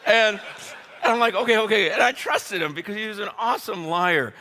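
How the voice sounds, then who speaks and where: A man preaching a humorous sermon story, animated and laughing often, speaking straight to his audience. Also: high-pitched, moderate pace. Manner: addresses the audience directly.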